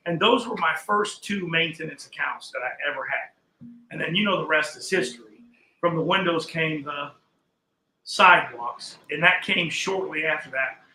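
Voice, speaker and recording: Older man, animated storyteller, high bright voice, roomy echo. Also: moderate pace, faint music behind. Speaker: podcast guest. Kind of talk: casual storytelling in a chat.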